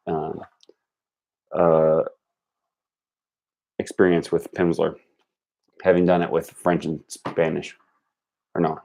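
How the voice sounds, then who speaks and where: A young man streams live in a relaxed, unhurried way, his voice low and mellow. He repeats practice phrases aloud and chats with viewers between them. He corrects his own slips as he goes. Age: young adult. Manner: laughs at own jokes, self-correcting. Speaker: language learning streamer. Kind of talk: casual live stream chat.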